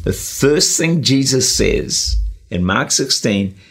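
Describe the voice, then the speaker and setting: A man preaches a sermon, urging his listeners on in an earnest, exhorting way. His voice is gravelly and husky, with many small "uh" and "you know" fillers. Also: medium pitch, expressive, slow pace, a bit bright. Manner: earnest, exhorting, with frequent 'uh' and 'you know'. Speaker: pastor and radio preacher. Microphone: camera-recorded sermon.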